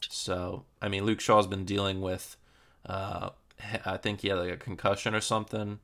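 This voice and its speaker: Podcast host, young man, deep gravelly voice, laid-back match previews. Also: normal speed. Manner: relaxed, filler-heavy match previewing. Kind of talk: casual football podcast chat.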